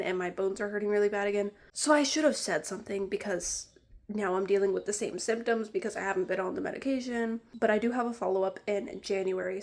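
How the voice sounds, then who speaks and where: A woman vlogger telling a story in a casual, rambling way, exasperated and leaning heavily on "like.". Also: mid-range voice. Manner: rambling and exasperated, heavy use of "like".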